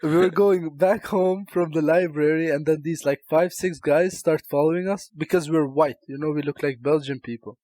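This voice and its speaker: A young man from Albania co-hosting a podcast, telling animated stories full of swearing and laughter. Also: on the high side, normal speed, few pauses. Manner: animated storyteller, swears a lot, laughs often. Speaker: podcast co-host. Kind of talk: casual chat, storytelling.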